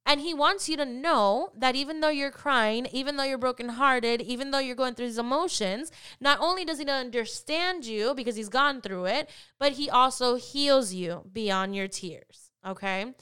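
A woman's voice: sits high, normal speed, hardly any pauses, pushed and bright, clean tone. A woman hosting a faith podcast, talking in an earnest, encouraging way and often repeating phrases for emphasis. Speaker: podcast host.

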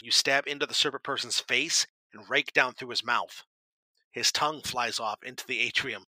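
A man's voice: medium pitch, bright, forceful tone, no room sound, rough recording. A man narrating a tabletop game as game master, describing scenes vividly and dramatically.

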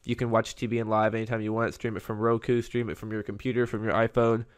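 A man with a lowish voice rambles through a solo podcast episode in a loose, chatty way. His delivery stays fairly flat, with little rise and fall. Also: fast, clear, resonant tone. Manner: rambling and conversational. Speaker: podcast host. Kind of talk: casual solo podcast monologue.

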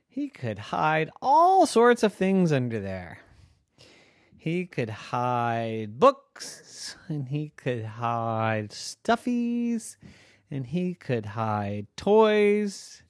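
Male children's storyteller, unhurried and lively, dry close sound. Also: mid-range voice, no echo. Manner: playful, drawn-out and expressive. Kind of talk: children's bedtime story narration.

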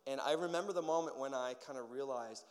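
Male pastor, mid-pitched, chatty and animated, preaching in a church hall with long reverb. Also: quick pace. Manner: animated storyteller, acts out voices, many fillers. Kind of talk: casual sermon with personal stories.

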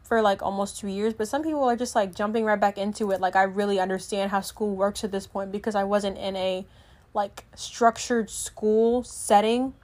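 A teenage vlogger chats casually to camera, her voice sitting a bit high. She rambles chattily, packs in fillers like "like," and keeps trailing off, correcting herself, and restarting her thoughts.

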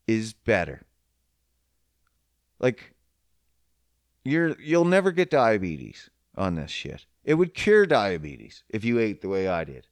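Here a man with a mid-range voice rambles casually about fitness and diet, cracking crude jokes and voicing both sides of exchanges as he quotes others. The profane monologue is recorded in studio quality, with no room sound.

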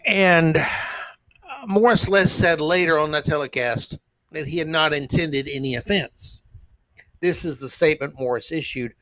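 A man hosting a podcast, giving casual, opinionated commentary that rambles with frequent "uh" pauses. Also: on the high side, pushed and bright, no room sound. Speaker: podcast host.

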